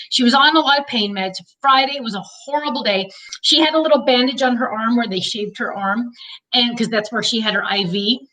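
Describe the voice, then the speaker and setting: A woman's voice: fairly high pitch, pushed and bright, far from the mic, rough recording. A middle-aged woman chatting casually in a personal vlog, rambling through stories and talking to her dog. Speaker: vlogger.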